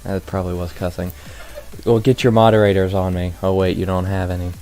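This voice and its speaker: This guest on a stream is a man with a low, warm voice who talks briskly with a flat delivery. His casual chat is full of laughter and self-deprecating jokes, with stream music in the background.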